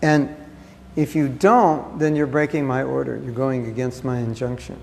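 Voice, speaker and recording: Gravelly man giving an emphatic scripture class. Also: mid-range voice, steady tone, moderate pace, big-room sound. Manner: reads a passage aloud, then explains it with emphatic asides. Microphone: phone.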